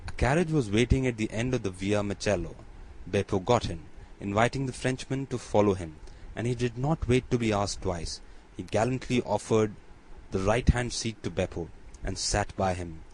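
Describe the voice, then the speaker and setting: A man's voice: on the low side, moderate pace, a little hiss or hum, close to an everyday voice, rough recording. A man reading a deferential bandit messenger.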